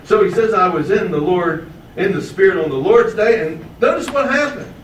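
A man's voice: high voice, expressive, a little hiss or hum. Man preaching a sermon in an echoey hall. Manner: asks the audience questions, stretches key words slowly for emphasis. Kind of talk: sermon, verse-by-verse Bible teaching. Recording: echoey, distant room mic with faint ambience.

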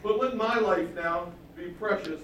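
A preacher acting as a begging, terrified army captain. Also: male voice, sits high, measured pace, a bit bright. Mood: pleading. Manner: pleading, raised and strained. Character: frightened male army captain begging for his life. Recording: echoey hall from far off, faint noise.

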